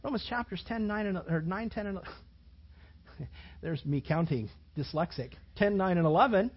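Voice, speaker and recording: A man preaching a sermon as a pastor, telling stories in an animated way, repeating phrases and acting out what people said. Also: sits high, normal speed, breathy edge, highs cut off. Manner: animated storytelling, repeats phrases and acts out quotes.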